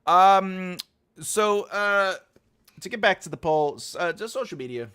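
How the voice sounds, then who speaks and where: A New York author with a New York accent hosts a casual livestream chat, rambling through self-deprecating asides. His high voice is animated, sharp and smooth, delivered at a measured pace.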